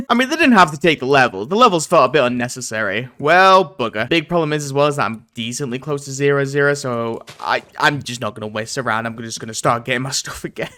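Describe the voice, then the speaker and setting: A man giving casual commentary and narration over his own gameplay, animated and often stammering through restarts. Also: medium pitch, brisk, few pauses. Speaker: gaming video creator.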